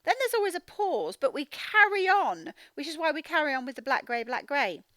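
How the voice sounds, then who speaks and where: A woman teaching phonics to young children, reading a picture book aloud and slowly sounding out each word. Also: sits high, no echo. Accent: Australian. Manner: slow, sounding out words, expressive storybook reading.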